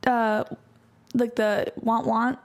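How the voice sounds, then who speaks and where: Upbeat woman co-host, slightly high voice, casual, peppered with "like.". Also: little pitch movement, slow. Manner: chatty, frequent "like" fillers. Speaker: podcast co-host. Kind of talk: casual chat.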